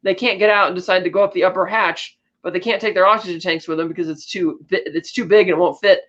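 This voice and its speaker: A woman's voice: lowish voice, steady tone, quick pace, a bit bright, dull audio. A woman co-hosting a podcast, casually recapping a film's plot with lots of fillers and restarts. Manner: chatty, with frequent fillers and restarts. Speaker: podcast co-host.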